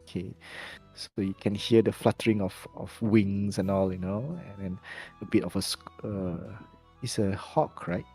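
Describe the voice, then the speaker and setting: A low-pitched man with a soft, mellow voice narrates a tabletop role-playing scene as game master. He talks haltingly, backing up and fixing his words as he goes, with faint music behind him. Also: steady tone, slightly rough. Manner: hesitant, many restarts and self-corrections.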